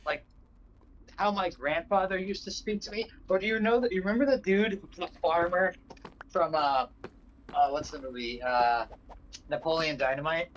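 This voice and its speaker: A man chats loosely on a gaming livestream, circling his point with fillers and restarts. His voice sits a little high, and the stream audio is dull and lo-fi with a faint hiss underneath. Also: normal speed, a bit bright. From northeastern United States. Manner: rambling, many fillers and restarts. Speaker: livestream co-host. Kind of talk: casual gaming chat.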